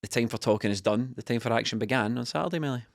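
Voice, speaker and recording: A man hosting a football podcast, brisk and upbeat with a teasing edge. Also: medium pitch, vocal fry. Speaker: podcast host. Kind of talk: casual podcast chat.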